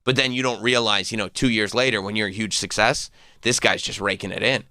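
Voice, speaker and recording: A man's voice: on the low side, steady tone, pushed and bright, no room sound, clean studio sound. A man hosting a radio talk show, chatting casually and riffing at length with strong opinions. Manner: opinionated, rambling, quick to riff.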